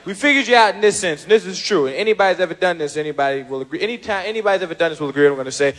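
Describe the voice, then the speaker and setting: A man's voice: high-pitched, rapid-fire. A man doing stand-up comedy, talking energetically and straight at the women in the audience. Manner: energetic, addresses the audience directly.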